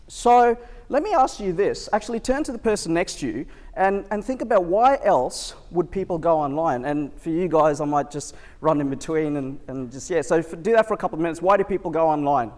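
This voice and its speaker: Male keynote speaker, higher-pitched voice, chatty storyteller, long hall reverb from a live venue. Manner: chatty storytelling, quizzes the crowd. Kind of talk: live keynote talk to an audience.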